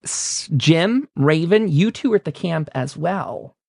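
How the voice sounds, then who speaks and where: Game master, man; easygoing narration, slow delivery, dry close sound. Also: on the high side, gravelly, dry recording. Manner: relaxed, many fillers, laughs while describing.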